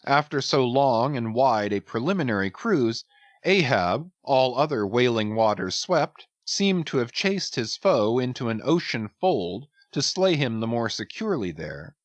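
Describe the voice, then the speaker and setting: A man narrating a novel in a measured, formal way. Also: mid-range voice, fairly bright tone, no room sound, highs cut off. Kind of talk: audiobook narration.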